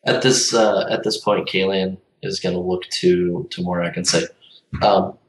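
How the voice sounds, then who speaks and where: A man playing a tabletop game, talking in a relaxed, conversational way. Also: sits low, measured pace, a little hiss or hum. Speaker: player. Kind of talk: casual tabletop role-play. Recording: roomy, distant mic.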